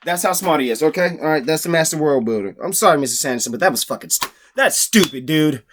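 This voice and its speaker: Male reviewer, slightly high voice, casual profane rant, exasperated and mocking. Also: lively intonation, quick pace, fairly bright tone, a little hiss or hum. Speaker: book reviewer. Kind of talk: casual ranting book review.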